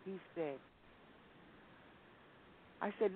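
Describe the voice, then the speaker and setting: A woman telling a personal testimony as a guest, slowly relating a story and acting out the people in it. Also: fairly low pitch, animated. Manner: slow storytelling, acting out quoted voices. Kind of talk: personal testimony in a call-in talk. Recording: tinny phone line.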